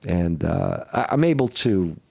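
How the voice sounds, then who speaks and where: A man with a fairly low voice and a rough, flu-sick throat, talking casually to his viewers. He rambles, swears freely and keeps asking "right?". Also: animated, unhurried, mellow. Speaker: vlogger. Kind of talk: casual live-stream monologue.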